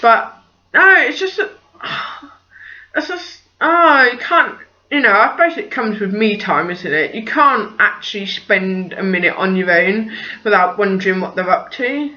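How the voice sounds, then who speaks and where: Chatty mum vlogging, bright voice. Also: female voice, medium pitch, a little slow, lo-fi sound. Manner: chatty and rambling, full of "like" and "just". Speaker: parenting vlogger. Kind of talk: casual vlog chat.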